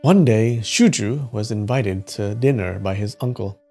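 A man's voice: lowish voice, unhurried, darkish tone, husky, faint music behind. A man chatting casually and laughing as he wraps up a livestream of folktale readings. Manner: chatty, giggly, thinks aloud.

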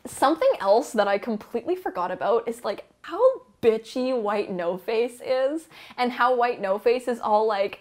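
A woman rambling casually about a book she loves, with an animated, gushing fan manner and frequent laughter. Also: mid-range voice, moderate pace, hardly any pauses. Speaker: book vlogger. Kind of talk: casual book review chat.

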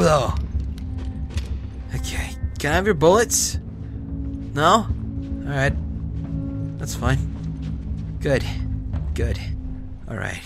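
Man swearing and yelling over game music. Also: medium pitch, big pitch swings, slow, vocal fry, long pauses. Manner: swings from hushed whispers to loud yelling and swearing; talks to game characters, sarcastic and joking. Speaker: gameplay commentator. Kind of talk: let's play commentary. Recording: game music playing behind.

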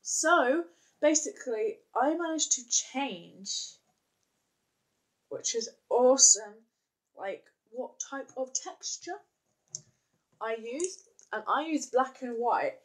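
A young woman vlogs from home in a high voice. She talks slowly and unhurriedly, wandering through her thoughts with plenty of ums and likes. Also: expressive, poor audio. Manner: rambling, hesitant, lots of fillers. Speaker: vlogger. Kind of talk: casual vlog chat.

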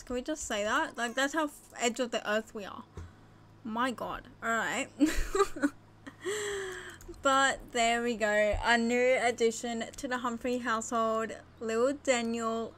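A woman casually narrating her own life-sim game, gushing and excitable with frequent gasps and squeals. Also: on the high side. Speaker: gaming video host. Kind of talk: casual let's-play commentary.

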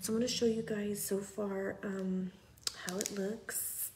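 A young woman talking casually to her phone at home, chatty and often dropping to a soft near whisper. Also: mid-range voice, flat delivery, measured pace, slight background noise. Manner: chatty, repeats "you guys", drops to a near whisper at times. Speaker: patient sharing her recovery. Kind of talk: casual selfie vlog. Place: at home indoors.

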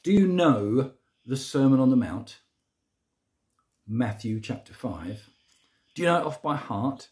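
A man's voice: medium pitch, lively intonation, unhurried, long pauses, darkish tone. A middle-aged man from Britain, a church minister giving a short, informal daily sermon in a chatty, homely way that is full of rhetorical questions.

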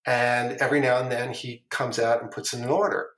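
A middle-aged former trader, appearing as a podcast guest in a casual storytelling interview, tells long stories, rambling, repeating phrases, and swearing casually. His medium-pitched voice is a bit bright, a little fast, with little pitch movement, and the room sounds echoey.

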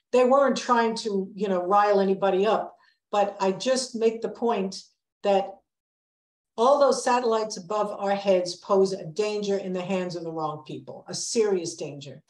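Older woman, public lecture, earnest, emphatic, mid-pitched voice, echoey room. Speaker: public lecturer, planetary scientist.

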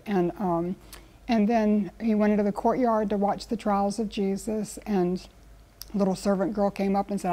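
A woman explains scripture in an earnest, conversational way, telling stories and acting out quotes as she goes. Her voice is warm and mellow. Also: medium pitch, fairly even intonation, moderate pace. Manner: earnest, storytelling with acted quotes. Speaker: guest Bible teacher. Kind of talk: conversational Bible teaching.

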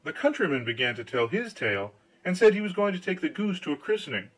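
Guy narrating a fairy tale audiobook, super lively pitch, kinda high. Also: fast talker, hardly any pauses, poor audio. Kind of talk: scripted storybook narration.

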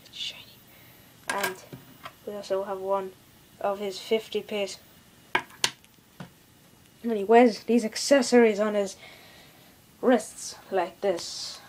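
A woman's voice: medium pitch, little pitch movement, unhurried, long pauses, noisy background. A young girl giving a playful home video tour, telling silly stories with mock-serious asides, recorded in a bedroom on a camera mic. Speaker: vlogger.

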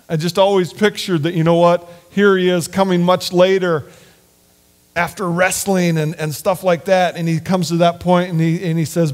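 A man preaching a sermon in an earnest, halting way, often restarting his sentences. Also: sits high, steady tone, a little mellow. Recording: long hall reverb.

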